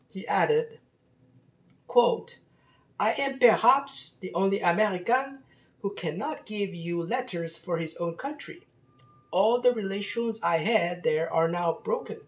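A man reading out an old French statesman's account in a put-on French accent, measured and dignified. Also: sits high, voice pushed up. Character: 18th-century French statesman, older man, reflective and dignified.

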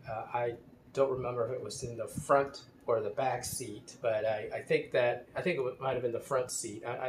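A man telling a casual anecdote in a rambling, hesitant way, often restarting his sentences. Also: mid-range voice. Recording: roomy with faint ambient noise.

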